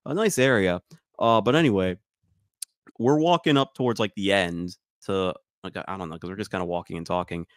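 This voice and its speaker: A man's voice: deep voice, a little fast, dry recording, studio quality. A young man co-hosting a comedy podcast, telling a story in a laid-back way and correcting himself. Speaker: podcast co-host. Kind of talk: casual storytelling chat.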